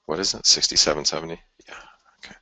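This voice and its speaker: A man's voice: extremely low pitch, fairly even intonation, fast talker, pushed and bright, husky, dry recording. A man hosting a live forex chart analysis, thinking aloud in a conversational way with sighs and restarts. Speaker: forex market analyst host.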